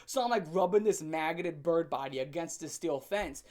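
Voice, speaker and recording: A young man telling a funny story from his teen years in a casual, animated way, laughing often and swearing freely. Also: a little high, moderate pace. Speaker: storyteller host. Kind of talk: comedic storytime vlog.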